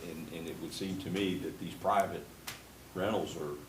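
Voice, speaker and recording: A man on a city board asking deliberate questions during a public work session. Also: low voice, fairly even intonation, noisy background. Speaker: board commissioner. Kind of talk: discussion at a public meeting.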